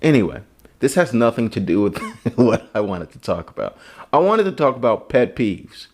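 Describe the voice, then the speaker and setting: A young man hosts his own show alone, talking loosely and cursing freely as he drifts from one thought to the next. His pitch leaps and dips all over the place as he jokes along. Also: moderate pace. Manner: profane, rambling and animated. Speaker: podcast host. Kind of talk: casual comedic monologue.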